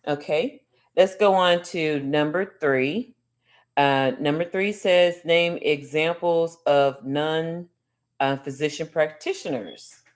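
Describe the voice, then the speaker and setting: A woman teacher going over chapter questions with a student, repeating each answer slowly and encouraging with many mm-hmms. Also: low-pitched. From United States. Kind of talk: class review of chapter questions.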